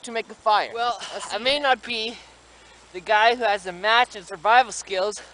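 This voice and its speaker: A man's voice: sits high, fairly quick, bright, forceful tone, slight background noise, rough recording. A man from Canada narrating a casual outdoor vlog in a snowy forest, talking through each task and marveling at the scenery. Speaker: vlogger.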